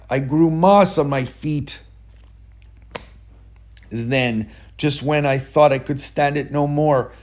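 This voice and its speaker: A man reading a rhyming children's story aloud in a rhythmic, expressive way. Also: medium pitch.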